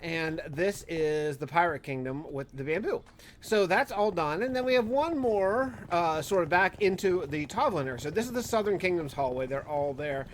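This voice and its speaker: A man's voice: a little high, animated, normal speed, a little hiss or hum. A man giving casual, rambling commentary over his own gameplay, often correcting himself mid-sentence. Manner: rambling, self-correcting, gets exasperated. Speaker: Minecraft YouTuber.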